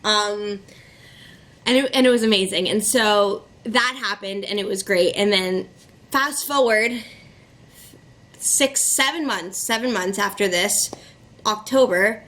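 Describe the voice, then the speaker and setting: A young woman vlogger telling a story to the camera in an excitable, chatty way, with plenty of fillers. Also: medium pitch, slow, pauses often.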